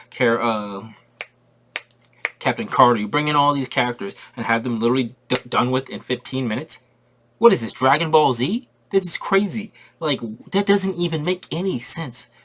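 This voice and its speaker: A man giving a casual spoiler review of a movie, excitable and slangy, repeating his points for emphasis. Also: mid-range voice, normal speed.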